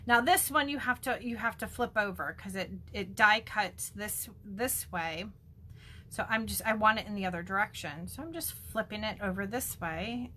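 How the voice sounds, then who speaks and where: A woman's voice: mid-range voice, sharp tone, slight background noise. A woman chatting through a casual card-making demo, gushing and full of ums. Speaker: stamping demonstrator.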